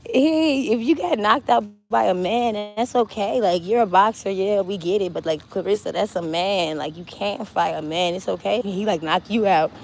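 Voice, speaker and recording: A woman's voice: medium pitch, normal speed, creaky, hardly any pauses, darkish tone, close to an everyday voice. A woman imitating a male radio host who pries with teasing questions.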